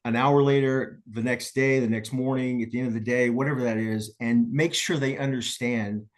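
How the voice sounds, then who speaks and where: Here is a middle-aged man speaking as a coaching guest, easygoing and conversational. His voice sits at an ordinary pitch. He tells anecdotes and keeps checking in with his listeners with a quick "right?". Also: fairly even intonation. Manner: storytelling, frequent "right?" tag questions. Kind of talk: conversational podcast interview.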